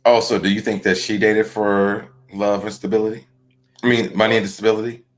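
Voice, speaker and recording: Low-voiced man hosting a casual recap chat. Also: level tone, a little fast. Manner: talks through ideas out loud, repeating himself and adding "like" often. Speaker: host.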